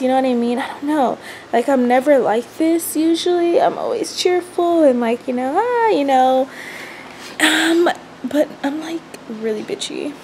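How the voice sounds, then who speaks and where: A woman's voice: high voice, darkish tone, a little hiss or hum. Chatty young woman, cranky and rambling. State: pregnant and tired. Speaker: vlogger. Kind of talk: casual vlog chat.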